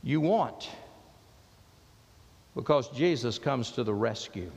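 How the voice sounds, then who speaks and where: A man preaching a sermon as pastor, with impassioned delivery that drops low and soft when he quotes the words of Jesus. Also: expressive, takes it slowly, long reverb tail.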